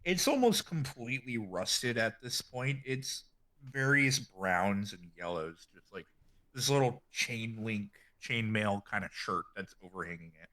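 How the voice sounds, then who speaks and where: A man's voice: fairly low pitch, lively intonation, unhurried, sharp tone. A man playing a tabletop game who describes his character in a rambling way full of fillers. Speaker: player. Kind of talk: casual in-character play.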